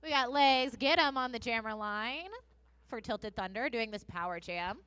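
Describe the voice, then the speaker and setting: Woman, derby play-by-play host, chatty and self-correcting, voice bright and a touch high. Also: moderate pace, clear, resonant tone, no echo. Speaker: roller derby commentator. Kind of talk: live play-by-play commentary.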